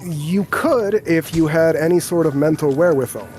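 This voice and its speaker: A man's voice: a little high, moderate pace, a little mellow, faint music behind, low-quality recording. A man narrating as game master of a tabletop game on a livestream, teasing his players.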